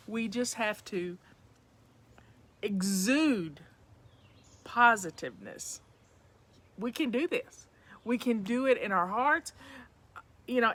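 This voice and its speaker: A Southern woman talks easily to her viewers from home, folksy and chatty. Her voice sits a little high and sounds bright and lively. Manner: folksy, chatty, says y'all to her audience. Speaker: livestream host. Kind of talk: casual chat to viewers.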